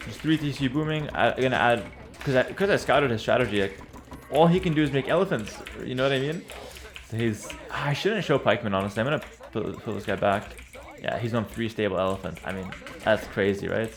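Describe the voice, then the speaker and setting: A man talking through his own strategy match in a laid-back, chatty way, at a mid pitch for a male voice. He trips over his words, repeats phrases and slurs a little, yet stays confident and easygoing. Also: brisk, a crowd in the background. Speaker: streamer playing a strategy game. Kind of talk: casual live gameplay commentary.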